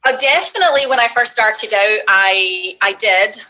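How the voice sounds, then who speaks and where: A woman's voice: mid-range voice, moderate pace, low-quality recording. A woman being interviewed about voice acting, talking casually with many restarts. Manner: rambling, many restarts, animated. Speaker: guest voice actress.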